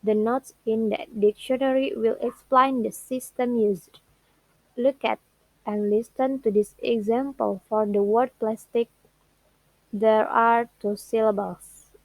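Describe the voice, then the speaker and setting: A young woman with an Indonesian accent, slowly reading out a pronunciation lesson on word stress and repeating the example words. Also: fairly high pitch, steady tone, darkish tone, dry recording, poor audio. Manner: slow careful reading with repeated words and restarts. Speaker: student. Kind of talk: pronunciation practice recording.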